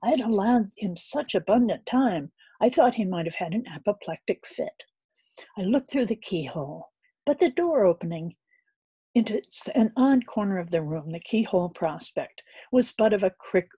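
A woman's voice: mid-range voice, animated, normal speed, warm tone, husky, no room sound. A woman narrating a classic novel as an audiobook reader, earnest and a little unpolished, with occasional slips.

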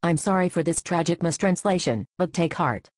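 A woman's voice: lowish voice, moderate pace, a little mellow, dry recording, studio quality, close to an everyday voice. A woman voicing a solemn, mournful male vegetable messiah in a satirical story.

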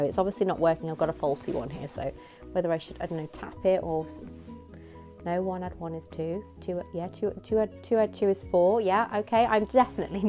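A woman's voice: mid-range voice, a little mellow. Giggly woman gushing over a prop. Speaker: vlogger reviewing a prop replica. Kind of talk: casual product review chat.

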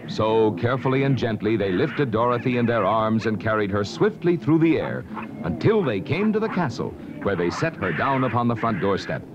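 A man's voice: on the low side, big pitch swings, normal speed. A man narrating a classic children's book on a vintage record, reading with dramatic expression. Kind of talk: scripted storybook narration. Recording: dull lo-fi vintage record with hiss.

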